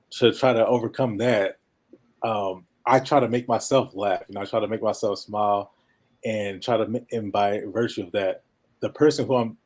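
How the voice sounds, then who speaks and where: A man with a somewhat low, nasal voice chats as a guest in a relaxed interview. He talks fast, runs his words together at times and laughs easily between thoughts. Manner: fast-talking, sometimes mumbles, laughs often. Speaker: podcast guest. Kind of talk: casual interview chat.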